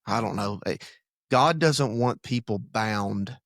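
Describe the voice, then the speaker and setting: A low, gravelly man's voice, recorded dry and close with no room sound. He is a pastor telling a story in an earnest, rambling way, restarting his sentences and drifting into preaching. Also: slow, a bit bright, no room sound. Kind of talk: conversational storytelling in a church podcast.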